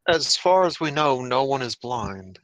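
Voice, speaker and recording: A man in casual stream commentary speaks at a slow, even pace in a mid-range voice. He cuts in with blunt corrections and dry remarks while another host reads. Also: mid-range voice.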